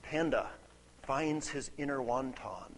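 A man preaching a sermon, conversational and animated, often checking in with "right?" and reading scripture aloud. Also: medium pitch, slow pace, slight background noise. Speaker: pastor.

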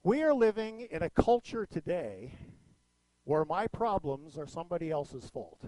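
A middle-aged male pastor delivers a folksy sermon with a high, lifted voice. He tells stories with animated swings in pitch and loudness. The sound is dry and close, with little room echo. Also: unhurried.

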